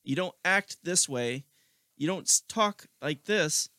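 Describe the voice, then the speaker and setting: A man's voice: a little high, animated, slow, bright, forceful tone, no room sound, clean studio sound. A man co-hosting a podcast, agreeing often and chatting casually, swearing now and then. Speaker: podcast co-host. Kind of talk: casual political chat.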